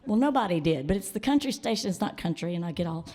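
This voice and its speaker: A woman's voice: on the low side, expressive, fast talker, dark tone. A woman country singer chatting on stage between songs at a live radio show, telling stories with a laugh. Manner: self-deprecating, laughing storyteller. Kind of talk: stage banter and live singing. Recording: live concert broadcast with band music.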